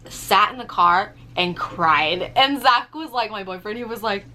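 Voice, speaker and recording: Bright-voiced young woman vlogger. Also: medium pitch, measured pace, a little hiss or hum. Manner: animated, swears freely, lots of fillers. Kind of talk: casual storytelling vlog.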